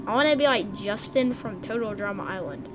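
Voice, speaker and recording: A woman giving excitable, blunt, jokey gameplay commentary as the channel's gamer. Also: medium pitch, a little fast, loud music behind the voice.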